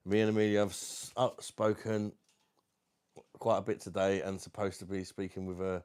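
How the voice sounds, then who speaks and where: A man's voice: deep voice, little pitch movement, moderate pace, darkish tone, clear, resonant tone. A man with a London accent, casually chatting on a livestream at home, reading out viewer comments and calling everyone mate. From South East London. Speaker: livestream host.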